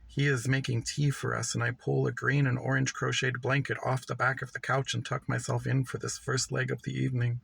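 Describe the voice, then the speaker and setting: Brief: male literary reader, gravelly, mid-pitched, measured. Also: flat delivery, a bit bright, poor audio. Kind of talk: literary reading.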